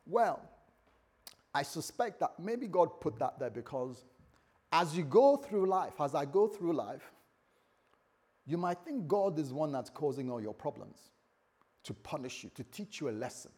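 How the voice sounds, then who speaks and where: A man preaching a sermon as pastor, emphatic, swinging between loud declarations and hushed questions. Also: fairly high pitch, big pitch swings, measured pace, pauses often, slightly rough.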